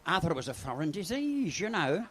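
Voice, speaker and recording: Drag act doing saucy pub jokes, voice up and down all over, bit high. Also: male voice, big pitch swings, fairly quick, a bit bright. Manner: bawdy, chatty, teases the audience. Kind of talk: live stand-up comedy. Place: pub stage with a live audience.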